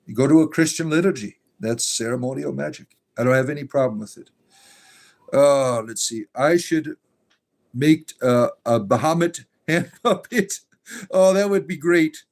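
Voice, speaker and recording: A man's voice: mid-range voice, moderate pace. A man hosting a spirituality livestream, chatting casually and answering comments in a rambling, combative way. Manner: rambling, combative, full of fillers and asides. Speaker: host of a pagan spirituality stream.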